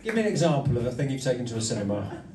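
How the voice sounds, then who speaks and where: A man's voice: mid-range voice, sing-song, racing, very noisy. A male comedian doing crowd work, teasing audience members in a playful, mock-formal way. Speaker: stand-up comedian. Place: comedy venue with live audience. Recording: echoey room, distant mic, loud crowd.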